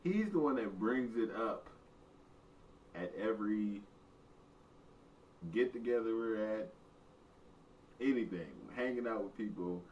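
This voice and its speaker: A man's voice: on the low side, a little slow, long pauses, darkish tone, highs cut off. A man in his thirties, a guest, chatting in an easygoing, playful way and laughing along. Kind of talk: casual chat. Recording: distant mic with faint room noise.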